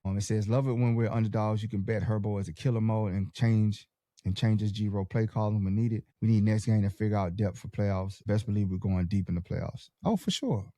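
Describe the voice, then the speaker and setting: Fired-up slangy podcast host with a mellow voice. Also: male voice, lowish voice, fairly even intonation, a little fast, no echo, studio quality. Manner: fired-up, slangy pep-talk delivery. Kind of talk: casual sports podcast chat, reading live comments.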